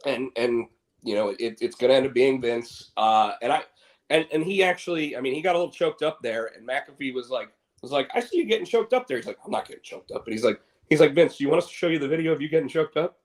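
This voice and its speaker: A man's voice: medium pitch, fast talker. Man, podcast co-host, casual chat, rambling, restarts a lot. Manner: rambling, many restarts and quoted impressions.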